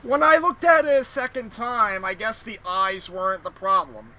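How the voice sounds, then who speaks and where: A man hosting a casual gaming podcast, talking through an animated, rambling rant with some swearing. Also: high voice, normal speed, a little hiss or hum. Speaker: podcast host playing a video game.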